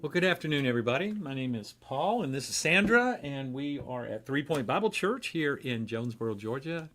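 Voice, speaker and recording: A man giving a relaxed, conversational devotional talk in a church, with frequent pauses and fillers. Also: medium pitch, over music.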